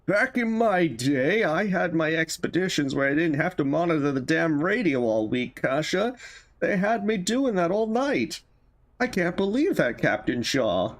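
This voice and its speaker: Brief: man putting on a grumpy old seafarer, gruff and higher-pitched than his own voice, slow and lively in tone. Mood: grumbling. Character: grumpy old male expedition sailor.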